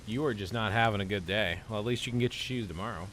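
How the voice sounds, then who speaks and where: A man with a low-pitched voice hosts a relaxed game stream. He talks in a loose, rambling way, answering his viewers' comments as he plays. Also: quick pace, slight background noise. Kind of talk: casual live-stream chat while playing.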